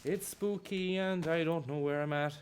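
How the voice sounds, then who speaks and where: A man's voice: on the high side, fairly even intonation, normal speed, a little hiss or hum. A man with a Limerick Irish accent rambling and muttering on a live stream out in a wood, swearing and making up rhymes as he goes. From Limerick, Ireland. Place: outdoors in a wood.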